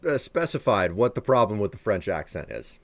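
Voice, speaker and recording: A man with a very low voice talks in a loose, rambling way to his live-stream audience and answers their messages as they come in. He sounds sleepy and laughs easily. The sound is dry and close, with almost no room echo. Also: big pitch swings, a little fast. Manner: chatty and rambling, reads and answers chat, laughs often. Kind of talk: casual live-stream chat with viewers.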